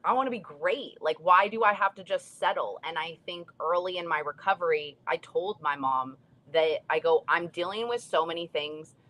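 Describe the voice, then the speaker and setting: A woman's voice: lowish voice, moderate pace, hardly any pauses, a bit bright. A young woman co-hosting a casual talk show, speaking in an earnest, reflective way. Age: young adult. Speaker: co-host, stroke survivor. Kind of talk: casual chat.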